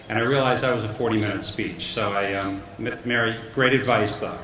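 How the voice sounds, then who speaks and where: A middle-aged man with a lowish, fairly bright voice gives a commencement speech, talking steadily and fairly quickly with few pauses. At a podium mic in an echoey, noisy hall, he tells funny family stories that make fun of himself.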